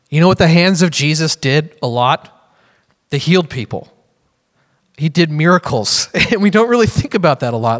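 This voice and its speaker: Higher-voiced male preacher in a hall. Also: big pitch swings, moderate pace, fairly bright tone. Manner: casual, joking Bible teaching. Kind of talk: sermon. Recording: reverberant hall.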